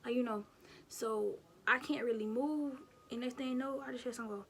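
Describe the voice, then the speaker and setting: A young woman vlogger telling a childhood story in a chatty, animated way, talking straight to her viewers. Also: on the high side, a little fast. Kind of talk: casual storytime.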